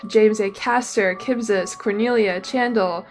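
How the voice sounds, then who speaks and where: A woman's voice: mid-range voice, fairly even intonation, a little slow. A young woman chatting casually on a livestream, rambling and breaking off her own sentences as she talks. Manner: rambling, chatty, self-interrupting. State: slightly out of breath. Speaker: streamer. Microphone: desk microphone, no camera. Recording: faint music behind voice.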